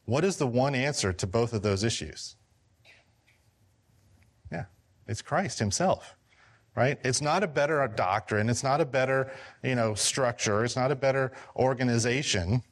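Pastor, male, mid-range voice, informal teaching tone, a bit hoarse from talking, lots of restarts. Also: medium pitch, unhurried. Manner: conversational, many restarts and fillers. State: losing his voice. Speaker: pastor teaching a Bible class. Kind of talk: casual Bible study teaching.

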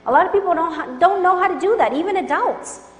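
A woman's voice: extremely high pitch, animated, fast. A woman from Colombia giving an earnest testimony sermon, urging her listeners with conviction. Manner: earnest, urgent exhortation. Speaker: Christian speaker. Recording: echoey hall with faint hum.

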